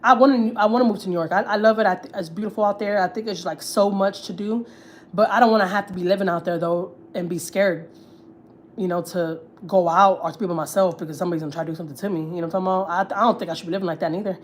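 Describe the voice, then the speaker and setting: A woman's voice: on the low side, fairly even intonation, racing, slight background noise. A woman, chatting casually and swearing freely as host of a gossip livestream, often repeating herself. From Houston, Texas.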